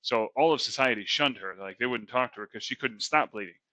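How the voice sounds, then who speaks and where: A man's voice: medium pitch, fairly quick, pushed and bright, no echo, poor audio. Slangy man retelling Bible stories. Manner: slangy and chatty, lots of fillers. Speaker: podcast co-host.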